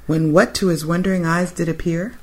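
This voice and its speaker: Co-host reading verse aloud, mid pitch, expressive, drops low on speech tags. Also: fairly quick. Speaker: podcast co-host reading a story. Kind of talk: alternating rhyming poem reading.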